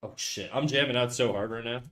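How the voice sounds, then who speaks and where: A man's voice: mid-range voice, brisk, fairly bright tone. Laid-back, foul-mouthed young male streamer. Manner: laid-back, swears a lot, reads chat aloud. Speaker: live-stream artist. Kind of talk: casual live-stream chat while drawing. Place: his apartment, untreated room. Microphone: USB condenser desk mic.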